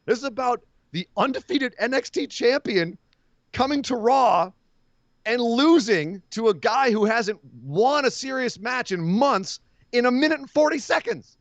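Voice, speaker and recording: A man co-hosting a wrestling podcast, ranting in an animated, profane way and laughing often. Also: extremely high pitch, measured pace, no echo, dull audio. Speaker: podcast co-host. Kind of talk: casual wrestling podcast chat.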